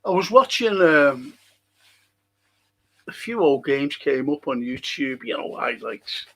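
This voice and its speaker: A man's voice: mid-range voice, very animated, slow pace, a bit bright. A middle-aged man hosting a casual live stream, reading out viewer comments, answering them and swearing now and then.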